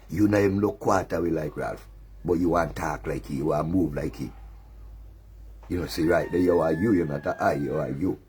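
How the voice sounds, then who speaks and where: A man's voice: sits low, darkish tone, a little hiss or hum. A man with a Caribbean creole accent hosting a commentary show, taunting and lecturing his target in a sermonizing way, often laughing. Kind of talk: mocking political commentary.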